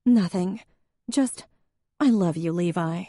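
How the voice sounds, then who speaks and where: Woman narrator doing a young female deputy, earnest, emotional, higher than the narration, dark mellow tone, dry close sound. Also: slow, no echo. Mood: sheepish, warm. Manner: emotional, impulsive outbursts. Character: female small-town deputy, self-doubting and earnest.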